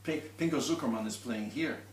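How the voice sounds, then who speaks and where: A man's voice: medium pitch, brisk, a little hiss or hum. A man giving a one-on-one violin lesson, explaining patiently and showing as he goes. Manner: patient, explains with demonstrations and restarts. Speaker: violin teacher. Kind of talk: one-on-one instruction. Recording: roomy, from a distance.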